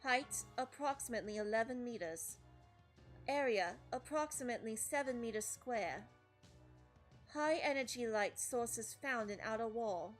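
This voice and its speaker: Lady voicing a robot girl, dead flat monotone, put-on accent, highish, quiet music behind. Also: unhurried. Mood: mechanical. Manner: monotone report-style delivery. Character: female combat android, flat and mechanical. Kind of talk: fan voice-over of a game.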